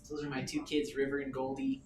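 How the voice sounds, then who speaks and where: A man's voice: mid-range voice, fairly quick. Man telling a story in an echoey room. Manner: animated, self-amused storytelling. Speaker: presenter at a sales meeting. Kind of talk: casual storytelling talk. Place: meeting room. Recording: roomy, distant, noisy meeting room.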